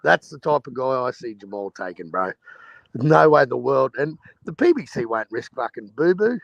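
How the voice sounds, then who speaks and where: A man's voice: mid-range voice, very animated, moderate pace, gravelly, dry recording, dull audio. A man on a boxing panel chat, talking emphatically and swearing freely as he makes his points. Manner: emphatic, swears freely, calls others bro. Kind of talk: heated online panel chat.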